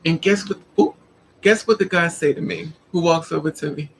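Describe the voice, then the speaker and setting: A woman's voice: sits low, moderate pace, a little hiss or hum, rough recording. A woman vlogger casually telling a personal story to her viewers, acting out the dialogue and laughing often.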